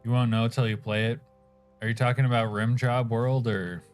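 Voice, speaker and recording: A man's voice: mid-range voice, flat delivery, normal speed, faint music behind. A man streaming a game, reading chat aloud and chuckling while he eats. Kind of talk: casual live-stream chat.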